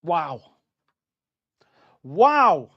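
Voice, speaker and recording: A man hosting a casual fan livestream, animated and full of banter, repeating his phrases. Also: on the high side, very slow, creaky. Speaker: livestream host. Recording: slightly dull lo-fi sound.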